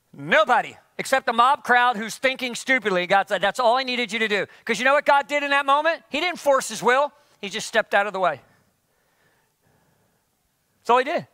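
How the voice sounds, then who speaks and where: A man preaching a sermon as pastor, animated and firing rhetorical questions at his listeners. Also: very high voice, moderate pace, long pauses, dry recording.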